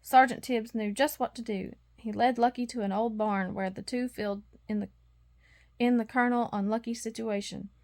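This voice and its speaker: Higher-voiced woman reading a bedtime story. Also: moderate pace. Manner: expressive, acts out sound effects. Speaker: storybook reader.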